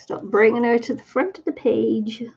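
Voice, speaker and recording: A woman's voice: on the high side, steady tone, normal speed, gravelly, darkish tone, slightly rough. A woman hosting a crafting livestream, chatting casually and laughing often as she reads viewer comments. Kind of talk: casual chat while crafting. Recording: dull lo-fi stream audio.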